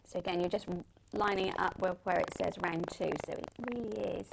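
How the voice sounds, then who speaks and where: A woman's voice: on the low side, fairly even intonation, brisk, creaky, background noise. A woman from the of England, demonstrating quilting as a guest and answering in short, practical replies. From West Country of England. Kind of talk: live TV sewing demonstration chat. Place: TV shopping studio.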